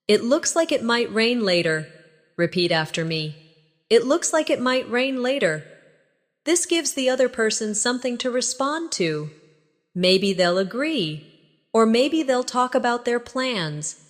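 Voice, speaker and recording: A woman narrates a scripted English lesson at a slow, unhurried pace. Her delivery is patient and encouraging, and she models phrases for the listener to repeat. A long reverb trails after her voice. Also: medium pitch. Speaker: English teacher.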